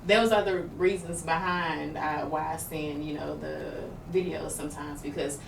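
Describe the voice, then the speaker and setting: A woman's voice: sits low, fairly even intonation, moderate pace, gravelly. Woman talking candidly in a roomy space. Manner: open, rambling, with many fillers. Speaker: podcast co-host. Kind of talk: candid personal talk. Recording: roomy, far from the mic, noisy background.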